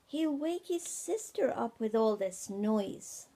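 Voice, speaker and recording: A woman's voice: fairly high pitch, animated, slow pace, dark tone, full character voice. A grandmother reading as a weary storybook father bear. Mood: exasperated. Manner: weary, exasperated. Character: tired grumbling father bear, male.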